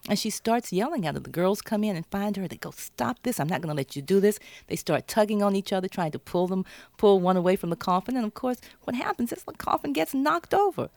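A woman's voice: medium pitch, lively intonation, fast talker, creaky, a little mellow, no room sound. A woman, an author being interviewed, who tells her story with animation and acts out her characters' lines. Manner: thoughtful, with many restarts. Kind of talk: interview talk about her novel.

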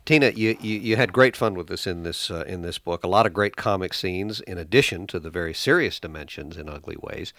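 A male interview host with a very low voice who asks measured questions to guide the talk. The recording is dry and close. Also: fairly bright tone, dry recording. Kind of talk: radio interview.

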